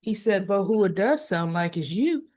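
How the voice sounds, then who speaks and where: A woman hosting a casual soap opera recap, retelling scenes in an animated way and acting out what the characters said. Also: mid-range voice, normal speed.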